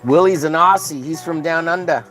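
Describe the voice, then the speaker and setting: A man's voice: fairly high pitch, normal speed, a bit bright, faint music behind. A man from Texas chatting casually with his live chat while drawing, rambling and joking crudely. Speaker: streamer.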